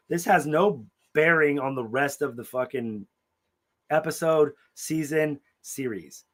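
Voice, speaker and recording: A man's voice: on the high side, moderate pace. Blunt, cursing male podcast co-host. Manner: blunt, profane, critical. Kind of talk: casual chat reviewing a TV episode.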